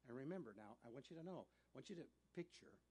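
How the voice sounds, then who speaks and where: A man preaching, telling a personal story in a sermon, animated and often laughing as he talks. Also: mid-range voice, fast, husky.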